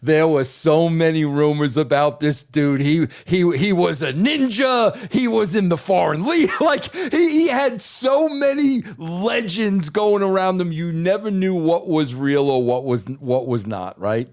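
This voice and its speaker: A man telling a story on a talk podcast, excitable and emphatic, always addressing the host as "bro". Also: on the high side, a little slow, few pauses. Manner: excitable, swears for emphasis, keeps saying "bro". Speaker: guest.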